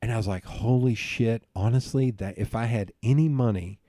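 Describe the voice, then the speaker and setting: Dark-voiced man telling a rambling story. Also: fairly low pitch, fairly quick, no room sound, clean studio sound. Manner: rambling, profane, laughing storyteller. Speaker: podcast guest. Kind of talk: casual storytelling chat.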